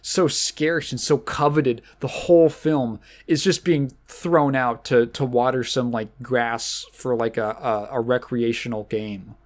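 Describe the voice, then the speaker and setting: A man's voice: mid-range voice, steady tone, measured pace, hardly any pauses. A man hosting a casual solo podcast, rambling along with many fillers and restarts. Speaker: podcast host.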